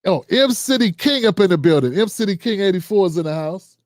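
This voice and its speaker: A man's voice: sits high, lively intonation, fairly quick, no echo, clean studio sound. A man hosting a livestream show, reading out viewer comments and signing off in a loose, slangy, chatty way. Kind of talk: casual sign-off and comment shout-outs.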